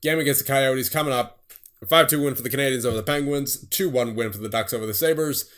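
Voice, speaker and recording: A young man casually commentating his own hockey management game, rattling off results in quick bursts with a mid-range voice. His voice sounds a little worn, and keyboard typing clicks away behind him. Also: mid-range voice, a bit bright. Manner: rattles off scores in quick bursts, then laughs at himself. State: voice getting tired. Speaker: gaming streamer.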